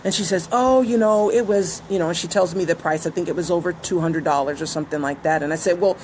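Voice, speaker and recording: A woman with a low-sitting voice talks fast, her intonation fairly even, amid a little hiss or hum on poor audio. As a business coach, she teaches earnestly and motivationally about business and listening while playing out the conversations she quotes.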